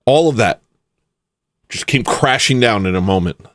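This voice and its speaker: A man hosting his own channel, talking in a casual ranting monologue that is animated and mocking, with sudden outbursts. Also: medium pitch, normal speed, dry recording, studio quality. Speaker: channel host.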